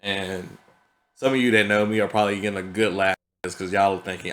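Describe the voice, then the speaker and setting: A man's voice: low voice, fairly even intonation, quick pace, a bit bright. A man talking through his thoughts in a casual, reflective vlog, earnest and conversational, often checking in with "you know what I mean". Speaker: vlogger.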